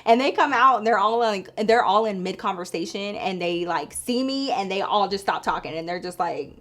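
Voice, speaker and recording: A woman in her thirties telling a story to her viewers in a casual, animated way, swearing freely. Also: medium pitch, normal speed. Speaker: vlogger.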